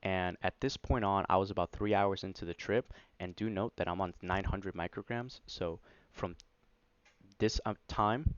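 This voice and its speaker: A man telling a personal story on his vlog in a casual, rambling way, full of "like" and "you know", excited as he recounts it. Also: deep voice, moderate pace, clear, resonant tone, dry recording. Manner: excited, animated retelling. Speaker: vlogger. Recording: dry, slightly dull lo-fi recording.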